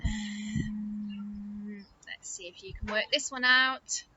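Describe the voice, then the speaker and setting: Woman teacher doing phonics for little kids, slow sing-song voice, muffled lo-fi recording with hiss behind. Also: mid-range voice, fairly even intonation. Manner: sing-song, encouraging, slow and exaggerated for small children. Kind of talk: phonics lesson for young children.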